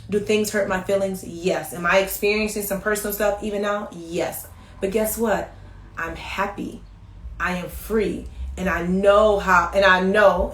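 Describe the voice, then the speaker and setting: A woman at a medium pitch gives a motivational talk on a live stream. She speaks emphatically and turns straight to her viewers. The room has a roomy echo around her voice. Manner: animated, emphatic, addresses viewers directly. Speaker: life coach hosting a weekly live stream.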